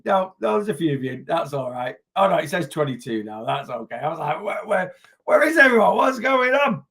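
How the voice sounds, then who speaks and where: A middle-aged Lancashire man talks through a weight loss live stream in a rambling, chatty way, full of asides and restarts. His voice sits a little high for a man. He greets viewers one by one and gives everyday diet tips. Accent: Lancashire English. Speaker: weight loss livestream host. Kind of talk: casual livestream chat.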